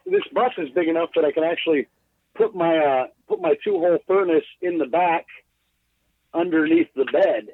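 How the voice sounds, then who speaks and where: His voice a little high and creaky with big pitch swings, a guest glassblower talks at a moderate pace in a casual podcast interview. He calls in from inside his bus, loose and self-deprecating, heavy on swearing and filler words. The tinny phone line has slight background noise.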